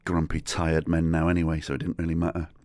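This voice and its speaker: Man, middle-aged, deep low voice, rambling sweary comic storytelling, solo podcast host, dry close sound. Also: monotone, fast talker, a little mellow, no echo. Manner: rambling, sweary, self-deprecating anecdotes.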